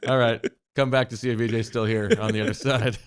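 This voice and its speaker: A man co-hosting a casual sports podcast, ribbing his partner in quick back-and-forth banter. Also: medium pitch, level tone, clean tone. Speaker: podcast co-host.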